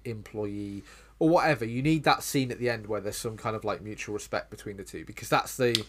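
A man co-hosting a podcast, chatting casually about a sitcom and breaking into mocking high voices. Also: brisk, fairly bright tone. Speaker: podcast co-host. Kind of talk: casual chat.

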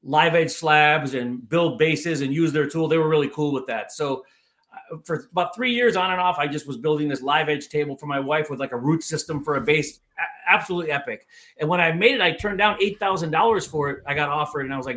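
Animated, fairly high-voiced man telling a story. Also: fairly quick. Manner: animated, acts out quoted voices, heavy filler words. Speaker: podcast guest, woodworker. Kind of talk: casual storytelling.

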